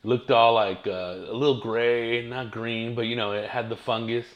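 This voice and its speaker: A man's voice: medium pitch, steady tone, normal speed, muffled recording. A man, hosting his own podcast and telling rambling, profane stories in casual slang. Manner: profane, slangy, laid-back storytelling. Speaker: podcast host.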